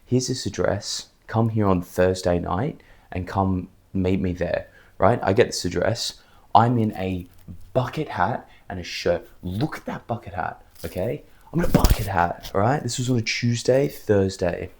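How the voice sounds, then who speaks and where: A low-pitched man talks straight to the camera. He is fired up and emphatic, and he rambles from motivational advice into a story. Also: a little slow, darkish tone, slight background noise. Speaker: vlogger.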